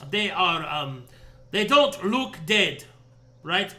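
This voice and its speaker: A man's voice: sits high, big pitch swings, slow, bright, forceful tone, heavily acted. A man voicing a sly, courteous male gator informant with a put-on French accent and theatrical manner. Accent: fake French.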